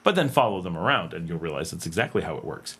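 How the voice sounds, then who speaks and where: A North American livestreamer broadcasting from his Nicaraguan home reads viewers' comments aloud in a loose, animated chat. He rambles, laughs frequently, and fills gaps with filler words, talking fast in a low, slightly rough voice.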